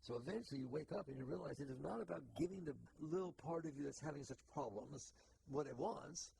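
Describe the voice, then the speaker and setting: A man's voice: fairly high pitch, fairly quick, vocal fry, dark tone, slight background noise. An older man giving a conversational spiritual talk, questioning his listeners and acting out inner voices. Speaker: spiritual teacher.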